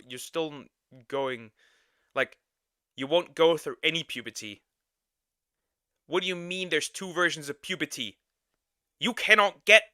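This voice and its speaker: Young male streamer, very bright tone, dry close sound, exasperated and profane. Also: fairly high pitch, dry recording. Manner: loud, exasperated, swearing rant. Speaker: streamer reacting to a clip. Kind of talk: reaction commentary.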